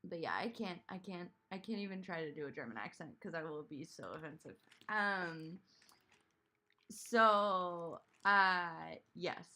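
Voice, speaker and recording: A woman's voice: lowish voice, a little slow, sharp tone. A woman hosting a live stream, chatting casually and rambling as she answers comments from chat. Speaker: streamer host.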